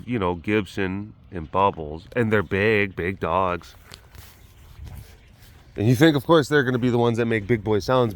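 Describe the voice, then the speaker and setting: A man hosting his own vlog from an animal facility, telling stories in a rambling, chatty way full of fillers. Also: lowish voice. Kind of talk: casual chat.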